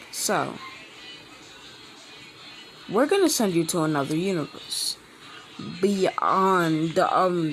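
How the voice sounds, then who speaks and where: A man hosting his own channel, telling a fan-made story in a rambling, halting way with many restarts. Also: a little high, a bit bright, rough recording. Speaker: channel host. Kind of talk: casual fan-fiction storytelling.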